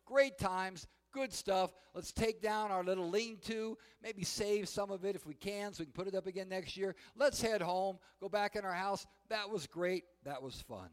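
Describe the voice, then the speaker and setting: A man delivers a sermon in a high voice, telling a story with lively energy and sometimes crying out loud. His voice rings through a space with long reverb. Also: moderate pace, few pauses. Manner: animated storytelling, shouting quoted cries. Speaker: preacher.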